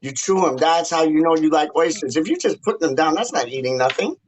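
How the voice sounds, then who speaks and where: A man's voice: fairly high pitch, expressive, brisk. An enthusiastic man in a casual chat who talks emphatically and repeats words for stress.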